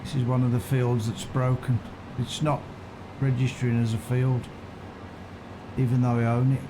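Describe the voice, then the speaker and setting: In a relaxed farming-game stream, a man wonders aloud, hesitant, and chats with the audience. His voice is mid-range and level, at a normal speed, over steady background noise.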